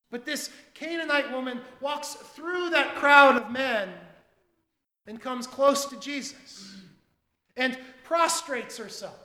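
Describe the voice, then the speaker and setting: Man, pastor, sermon, high pitch, unhurried, loud-to-hushed swings, echoey room. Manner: dramatic swings between loud emphasis and hushed asides.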